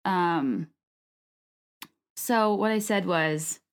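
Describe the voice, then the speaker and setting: A woman in her late twenties talking casually and quickly, with many filler "like"s, then reading her own blog post aloud. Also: on the low side, clean tone. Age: late 20s.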